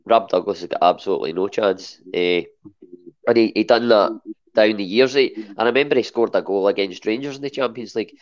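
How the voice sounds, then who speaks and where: A man's voice: lowish voice, fairly quick, highs cut off. A Scottish man chatting as a podcast guest, hesitant and full of restarts. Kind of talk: casual chat.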